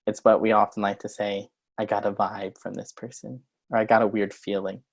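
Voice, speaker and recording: A man's voice: lowish voice, level tone, brisk, creaky. Earnest man explaining on a video call. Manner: earnest, acts out short example lines. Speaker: guest coach. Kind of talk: conversational explaining.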